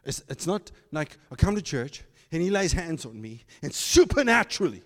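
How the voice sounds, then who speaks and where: A man's voice: on the high side, moderate pace. Man preaching in a reverberant hall. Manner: animated, mocking asides in put-on voices. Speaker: pastor. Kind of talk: sermon. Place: church.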